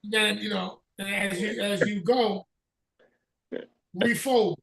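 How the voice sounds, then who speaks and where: A man with a Northern US accent telling a profane, animated story in casual chat on a video call. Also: high-pitched, takes it slowly, creaky, roomy sound, recorded from a distance. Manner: profane, animated storyteller who acts out dialogue. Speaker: podcast host.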